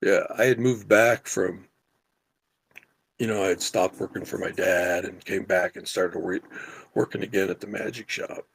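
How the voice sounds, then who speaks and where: A middle-aged man co-hosting a podcast, telling a story in casual, animated chat and swearing freely. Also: sits low, moderate pace, slight background noise. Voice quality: gravelly, husky. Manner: animated, profane storyteller who yells quoted lines. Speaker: podcast co-host.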